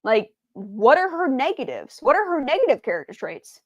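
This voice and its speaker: Rambling woman streamer, slightly high voice. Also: sing-song, normal speed, no echo, dull audio. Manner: rambling, with many fillers and restarts; stumbles over words. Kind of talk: casual stream chat.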